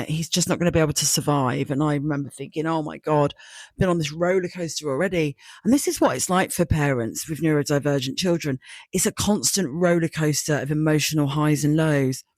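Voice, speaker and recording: A woman's voice: low-pitched, no room sound. A woman hosting a personal podcast, telling her own story candidly and emotionally, acting out her past thoughts and swearing freely. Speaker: podcast host.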